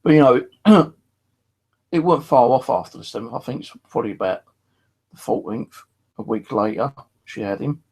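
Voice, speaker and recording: A man's voice: mid-range voice, lively intonation, normal speed, vocal fry, long pauses, darkish tone, slightly rough. A middle-aged man streaming, talking in a casual, rambling monologue full of fillers. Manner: rambling, many fillers and restarts.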